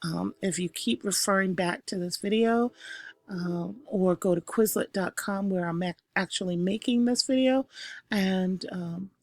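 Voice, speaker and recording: A woman teacher recording a review lesson, calling out each term with emphasis and then explaining it slowly with the odd filler. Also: medium pitch, no room sound. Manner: slow, explanatory, punches each new term.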